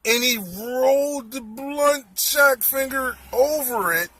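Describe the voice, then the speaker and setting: A man telling a comic story in an animated, exclaiming way, repeating his words. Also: extremely high pitch, slow, no room sound.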